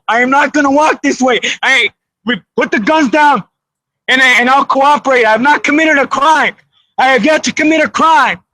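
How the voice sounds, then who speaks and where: Man, very high voice, frightened, crying, repetitive pleading, dry close sound. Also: bright, forceful tone, no room sound, rough recording. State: crying, shaken. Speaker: citizen filming a police stop. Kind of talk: pleading confrontation on camera. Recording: played video clip.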